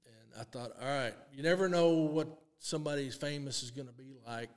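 A man's voice: medium pitch, brisk. A man in his sixties tells a story in a casual interview, with a mid-range voice. He animates it by acting out what people said and laughs often along the way. His voice rings with a long room reverb. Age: 60s. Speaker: guest, long drive champion.

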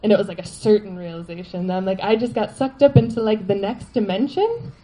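A woman telling a personal story to a live audience, animated and laughing, full of "like" fillers. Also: medium pitch, a little fast, slight background noise, poor audio.

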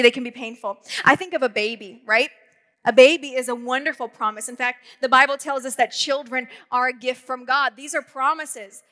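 High bright woman preaching. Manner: animated storytelling with quick asides and humor. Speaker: pastor. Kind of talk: sermon. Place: church auditorium. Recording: long hall reverb.

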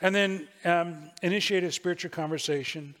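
A man's voice: sits high, moderate pace, a bit bright. Man preaching in a reverberant church. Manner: folksy storytelling with asides. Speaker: pastor. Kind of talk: sermon. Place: church sanctuary. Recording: long reverb of a church hall.

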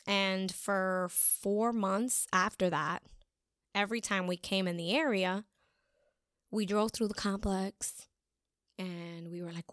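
A young woman shares a personal story in a casual, rambling monologue, full of fillers and quoted asides. Her voice is smooth and clear. It is recorded dry and close, with no room sound. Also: medium pitch, fairly even intonation, takes it slowly, a bit bright, dry recording. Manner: chatty, storytelling with many fillers and acted-out quotes. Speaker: speaker sharing a life lesson.

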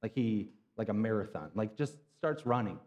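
A man's voice: fairly low pitch, expressive, moderate pace, a little mellow, dull audio. A man preaching a conversational sermon, retelling scripture in casual everyday slang. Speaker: pastor. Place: church sanctuary. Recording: long hall reverb.

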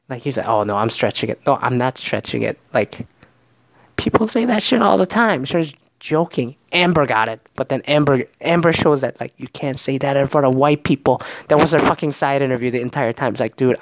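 A man's voice: mid-range voice, gravelly, no room sound. A man casually recapping a reality show, rambling and swearing often, and slipping into voices to mimic the people he quotes.

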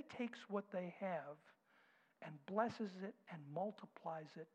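A man preaching a sermon, dropping to soft whispers and rising to loud, slow declarations. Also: high voice. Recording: dull sound with long hall reverb.

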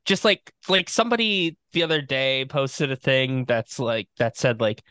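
A man's voice: medium pitch, moderate pace, bright, forceful tone, clean tone, no echo. A man co-hosting a casual podcast chat, rambling loosely and laughing often. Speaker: podcast co-host.

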